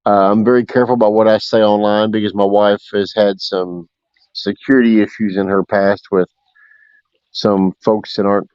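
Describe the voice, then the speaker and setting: A man's voice: on the low side, flat delivery, moderate pace, darkish tone, smooth, dry recording. A man hosting a fishing livestream, chatting casually and telling stories with fillers. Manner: laid-back storytelling with fillers. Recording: dull dry audio.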